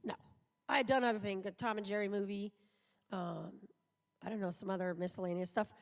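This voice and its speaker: A woman voice actor, appearing as a guest at a live panel interview in a large convention auditorium, tells rambling anecdotes. Her voice is medium-pitched, steady in tone, brisk, and creaky. The recording carries live hall sound with long reverb.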